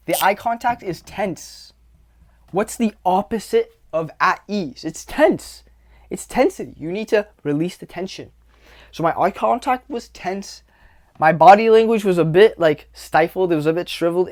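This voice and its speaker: A young man talks straight to his viewers in a loose, conversational coaching style. He repeats points, leans on fillers and swears casually as he explains. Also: a little high. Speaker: dating coach. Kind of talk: casual coaching monologue to camera.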